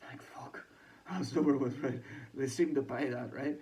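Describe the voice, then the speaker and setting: A man's voice: mid-range voice, unhurried, dark tone, rough recording. A Northern Irish man giving a casual, sweary and rambling boxing reaction with a mocking tone. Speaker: boxing commentator. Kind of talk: casual chat.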